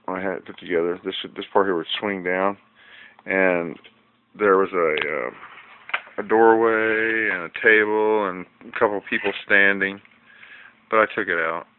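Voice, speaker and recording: A man with a very low, gravelly voice talks his way through a home hobby project in a loose, folksy ramble. He is quick to grumble. The sound is thin and tinny, like a cheap camera mic with faint hiss behind it. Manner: rambling, folksy, easily irritated. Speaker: hobbyist showing a fish tank project. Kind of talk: casual home video walkthrough.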